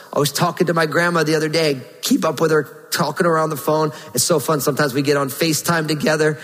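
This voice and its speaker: Guy preaching a sermon, earnest and emphatic, pretty high voice, big echoey hall. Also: fairly bright tone. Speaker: pastor.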